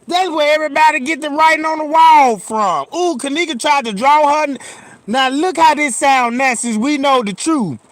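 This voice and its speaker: A man giving reaction commentary, animated and profane, who keeps turning to his viewers with questions. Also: very high voice, moderate pace, dry recording.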